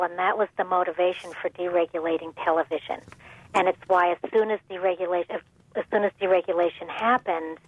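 Lower-voiced woman professor on radio. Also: slightly rough, no room sound, poor audio. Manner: earnest, explanatory. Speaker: professor, guest expert. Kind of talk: radio interview.

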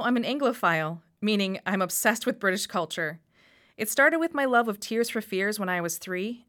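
A woman from Wisconsin with a Northeast Wisconsin accent, reading her own personal radio essay in a lively first-person telling. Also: mid-range voice. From Wisconsin, USA. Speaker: storyteller.

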